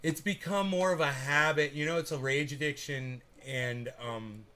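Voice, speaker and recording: A man's voice: a little high, moderate pace, bright, forceful tone. A male podcast host chatting casually, rambling, laughing and swearing freely. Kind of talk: casual chat on a live audio room.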